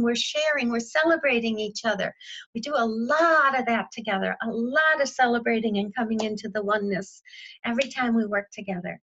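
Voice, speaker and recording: Woman spiritual coach on a group call, higher-pitched, eager and repetitive, muffled call audio. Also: a bit bright. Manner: enthusiastic, repetitive, playful exclamations. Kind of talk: guided spiritual coaching talk.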